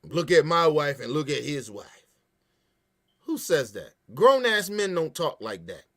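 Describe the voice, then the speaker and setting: A man's voice: a little high, measured pace. A man hosting a podcast, ranting in heated, profane casual commentary. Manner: profane, animated, emphatic ranting. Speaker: podcast host.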